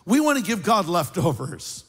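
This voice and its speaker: A man's voice: high voice, moderate pace, slightly rough. Older male pastor preaching in a hall. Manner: animated storyteller, wry and sarcastic asides. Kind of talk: sermon.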